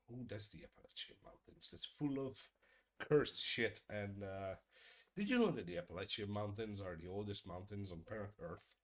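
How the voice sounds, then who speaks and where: A middle-aged man hosting a casual live stream, chatting with viewers in a joking, profane way and murmuring softly to his cat. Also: lowish voice. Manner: profane, joking, addresses chat directly; drops to soft murmurs talking to his cat. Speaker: streamer hosting a creator hangout.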